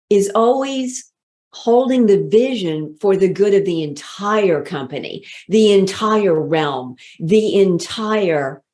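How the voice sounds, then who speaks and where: A woman voice coach gives a motivational talk on leadership in a somewhat low voice. She takes her time, stretching out key words for emphasis and letting each phrase settle before the next. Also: a little mellow. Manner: slow, deliberate, with drawn-out emphatic words.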